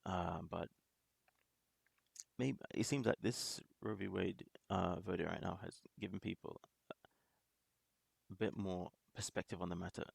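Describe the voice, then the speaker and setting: A man with a very low, deeply gravelly voice rambles through a casual reaction commentary, halting and restarting as he thinks aloud. His tone is husky and the room sounds close and dry. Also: steady tone, no room sound. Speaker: reaction video host.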